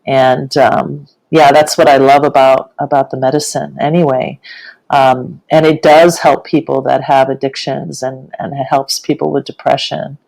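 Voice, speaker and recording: A woman co-hosting a casual live-streamed chat, speaking in a relaxed way with many fillers and welcoming viewers. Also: a bass voice, normal speed, gravelly, low-quality recording. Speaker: co-host, ceremony facilitator.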